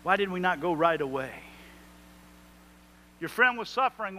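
A man's voice: high voice, animated, measured pace, pauses often, pushed and bright. A man preaching a sermon, rising into emphatic swells and acting out prayers in quotes. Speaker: pastor.

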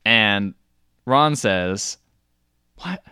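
A man co-hosting a podcast, casually retelling movie scenes and quoting the characters in quick offhand voices. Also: on the low side, lively intonation, sharp tone, smooth, no echo, studio quality. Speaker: podcast co-host. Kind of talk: casual movie recap chat.

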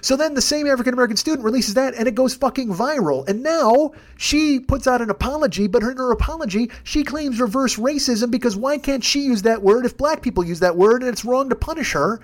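Fast, high-voiced man ranting profanely. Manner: profane, rambling rant. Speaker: podcast host. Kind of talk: comedic podcast monologue.

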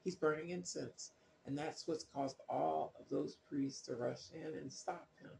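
A man's voice: fairly high pitch, steady tone, a little slow, gravelly, a little mellow, reverberant, slight background noise. A man reading scripture aloud and commenting on it in a loose, skeptical way, with many fillers and restarts. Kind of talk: casual spoken commentary on scripture.

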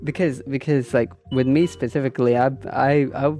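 A man's voice: mid-range voice, fairly even intonation, moderate pace, dark tone, soft background music. A man co-hosting a live podcast stream, talking casually and rambling, with many restarts and fillers. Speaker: podcast co-host streaming on Twitch.

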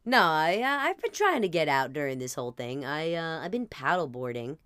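A woman with a New Jersey accent tells comic stories in a rambling, animated, self-mocking way. Her voice sits low and sounds very clear and smooth. The recording is close and dry. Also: a little fast, no echo. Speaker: podcast host. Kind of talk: comedic storytelling monologue.

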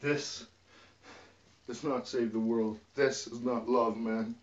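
A man in a profane, agitated rant that swings between quiet muttering and yelling. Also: medium pitch, steady tone, slow. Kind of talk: rambling emotional rant to camera. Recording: distant, dull lo-fi recording.

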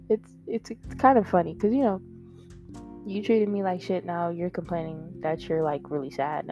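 A woman's voice: lowish voice, gravelly, mellow. A young woman hosting a podcast, talking in a rambling, candid confessional way with many fillers and some swearing into a microphone. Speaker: podcast host. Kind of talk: casual confessional monologue. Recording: dull lo-fi audio with faint guitar music.

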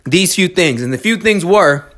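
A man's voice: high-pitched, expressive, normal speed, bright, forceful tone. A man in a casual monologue who talks bluntly and swears freely, stumbling over restarts as he tells a story and gives earnest, motivational advice. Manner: blunt, profane, restarts a lot. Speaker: storyteller giving life advice.

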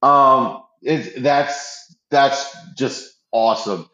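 A man with a medium-pitched, sharp voice talks very slowly but eagerly about a TV show, stumbling and restarting often and acting out quotes. The audio of this casual pop-culture chat is roomy and slightly dull.

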